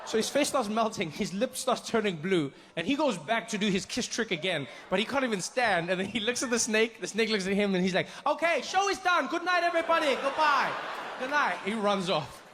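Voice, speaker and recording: A male stand-up comedian on a live stage, telling a story with an animated delivery and slipping into characters. His speaking voice sits fairly high for a man. Audience laughter and steady hiss run under the mic. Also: a little fast, hardly any pauses, in a large hall. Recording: live show with audience noise.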